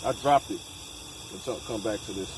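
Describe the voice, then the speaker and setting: A man's voice: fairly low pitch, normal speed, background noise. A man leading a casual scripture discussion, emphatic and profane, mixing street slang with Bible reading. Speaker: scripture study leader.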